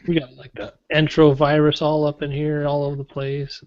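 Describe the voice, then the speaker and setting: A man co-hosting a podcast in casual pre-show banter, laid-back and quick to laugh. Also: fairly high pitch, monotone, a little mellow. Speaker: podcast co-host. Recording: dry dull lo-fi audio.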